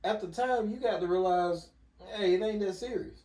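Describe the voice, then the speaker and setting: A middle-aged man telling personal stories as a podcast guest in a relaxed, casual way, often saying "you know". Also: high voice, normal speed. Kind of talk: casual conversation. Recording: echoey room, distant mic.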